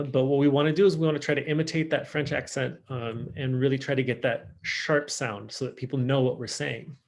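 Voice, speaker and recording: A man with a Californian accent, teaching a French class online and modelling French words slowly and clearly. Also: mid-range voice.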